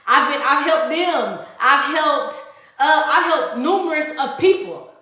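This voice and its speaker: A woman's voice: high voice, animated, a little slow, bright, forceful tone, heavy reverb. A woman telling a personal story in casual storytime style, blunt and full of profanity, acting out the voices of the people in it.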